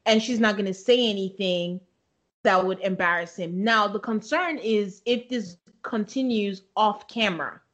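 A woman's voice: medium pitch, unhurried, a bit bright. A woman co-hosting a podcast in casual chat, recapping a show, laughing often and quoting people as she tells it. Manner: chatty, laughs often, quotes people in her retelling.

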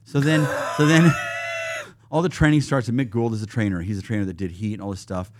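A man's voice: on the low side, fairly quick, dry recording, studio quality. A man talking as a podcast guest, telling casual stories with lots of acted-out quotes and gun sounds. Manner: animated, acts out quotes and gun sounds, restarts often. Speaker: podcast guest, firearms trainer. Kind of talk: casual storytelling.

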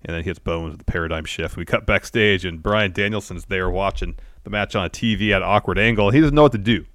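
A man with a low voice co-hosts a casual podcast. He recaps in a steady play-by-play way. The sound is dry and close. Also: fast talker, no room sound. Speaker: wrestling podcast co-host. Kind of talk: casual chat.

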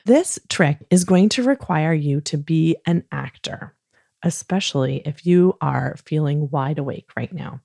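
A woman hosting a children's podcast, talking gently and soothingly at bedtime, coaxing listeners along with playful pretend yawns. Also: low-pitched, expressive, vocal fry, no room sound, clean studio sound. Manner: soft, soothing and encouraging, with playful drawn-out yawns. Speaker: kids podcast host.

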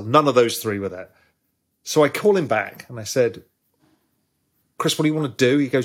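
A man, a former trader, telling a long anecdote in an interview with quick asides. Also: mid-range voice, animated, a bit bright, husky. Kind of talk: storytelling interview.

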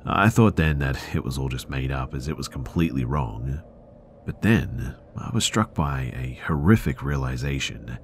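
A man with an extremely low, deep voice reads first-person horror stories aloud, measured and earnest. A faint hiss sits under his narration. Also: animated, creaky. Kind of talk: scripted narration of listener stories.

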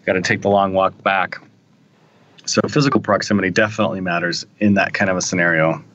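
A man with a fairly low voice rambles through work stories on a podcast, often asking for a quick nod of agreement. His mic sounds dull and lo-fi. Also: fairly even intonation, a bit bright, a little hiss or hum. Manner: chatty, rambling, checks in with "right?". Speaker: podcast panelist. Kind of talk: casual technical discussion.

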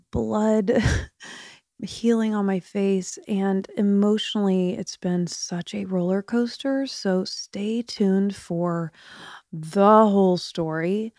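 A middle-aged woman talks straight to her listeners with a slight lisp, her jaw still stiff from surgery. Her voice sits at an ordinary pitch, and she chats in a confiding way, sometimes dropping to a whisper. The recording is close and dry. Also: vocal fry, a little mellow, no echo. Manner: chatty, confiding, drops to whispers. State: recovering from jaw surgery, limited mouth movement. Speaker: podcast host. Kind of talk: casual chat.

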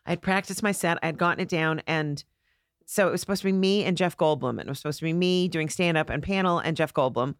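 Middle-aged woman comic, low voice, lively anecdotes with acted-out quotes, dry close sound. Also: fast, clear, resonant tone, no room sound. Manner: animated storyteller acting out quoted voices. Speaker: comedian guest. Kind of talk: podcast storytelling chat.

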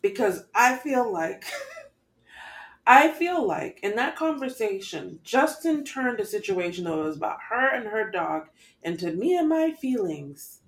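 A woman co-hosting a podcast, recapping an episode in casual chat with expressive, exasperated commentary. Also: medium pitch, measured pace. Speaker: podcast co-host.

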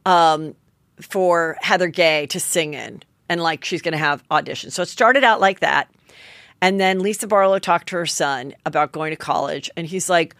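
A woman's voice: fairly low pitch, normal speed, no echo. Chatty woman host, dry close sound. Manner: chatty, animated, acts out quotes. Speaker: podcast host. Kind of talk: gossipy reality TV recap.

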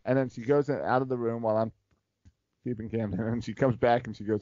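A man chatting on a podcast, rambling through a story and laughing as he goes. His voice sits at a middle pitch and sounds very dry, with a dull, lo-fi quality to the recording. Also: fairly even intonation, quick pace, dark tone, no echo. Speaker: podcast co-host. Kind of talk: casual chat.

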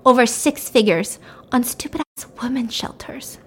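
A woman's voice: a little high, normal speed, husky. A woman voicing a ruthless male kidnapper leader who speaks with blunt contempt. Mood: scornful.

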